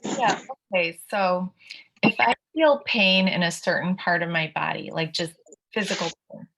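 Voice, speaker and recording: Female participant, low gravelly voice, hesitant questioner. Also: normal speed, a bit bright, low-quality recording. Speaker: class participant.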